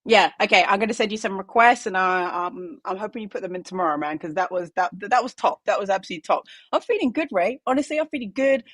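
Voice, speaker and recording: A woman's voice: medium pitch, animated, fast, hardly any pauses, fairly bright tone, no echo. A woman co-hosting a podcast, chatting in a playful, upbeat way and reading a market news roundup. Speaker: co-host.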